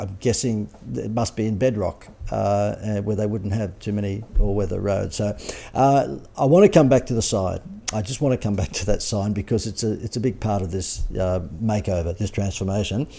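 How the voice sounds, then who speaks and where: A man's voice: on the low side, normal speed, vocal fry, mellow. A man, a business coach talking through slides with dry, sarcastic asides and chuckles. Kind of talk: presentation over slides.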